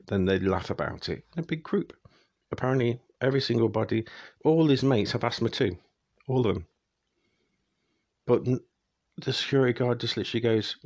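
Gravelly-voiced man ranting. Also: mid-range voice, lively intonation, quick pace, a little mellow, no room sound. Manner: exasperated, ranting, speeds up when annoyed. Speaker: vlogger. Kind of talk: casual ranting monologue.

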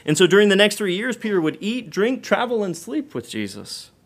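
A preacher man with a fairly high voice delivers a sermon. His delivery swells loud and then drops low and soft. He asks the listeners direct questions. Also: big pitch swings, fairly quick.

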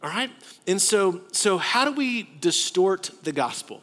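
Man, pastor, sermon, conversational and animated, bright tense voice, long church-hall reverb. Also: sits high, measured pace. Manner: animated, conversational preaching with rhetorical asides.

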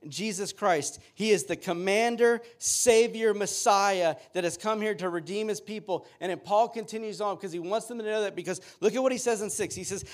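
Male pastor, high tenor, earnest sermon delivery with read-aloud scripture. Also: moderate pace, hardly any pauses.

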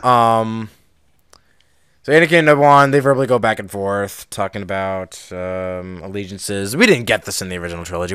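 A man telling a film's plot in a casual podcast chat, bouncing between narration and quick acted quotes. His voice is smooth and clean, and the recording is close and dry, with no room around it. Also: on the low side, dry recording. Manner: animated storyteller, acts out quotes, laughs often. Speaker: podcast co-host. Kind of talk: casual chat recapping a film.

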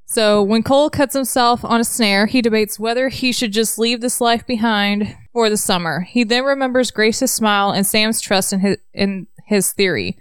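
A woman co-hosting a book podcast, summarizing chapters with dry, deadpan jokes. Her voice is smooth and clear, recorded close with a dry sound. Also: fairly high pitch, moderate pace, hardly any pauses, no room sound. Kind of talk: casual chat summarizing a novel.

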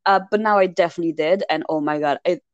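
A woman chatting casually, recapping a film with exasperated, animated storytelling and mocking voices. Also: fairly low pitch, fast talker, no room sound, muffled recording. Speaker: podcast co-host recapping a film. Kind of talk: casual chat.

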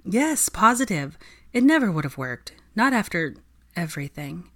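A woman's voice: lowish voice, big pitch swings, fairly bright tone. A woman voicing a clever young female student who gets defensive and flustered. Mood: reassuring. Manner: defensive, quick protesting.

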